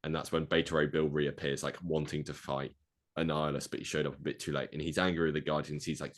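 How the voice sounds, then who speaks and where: A man co-hosting a podcast, rambling through a movie plot pitch with lots of fillers and acted-out quotes. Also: little pitch movement, fast talker. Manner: rambling, filler-heavy, acts out quoted lines. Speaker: podcast co-host.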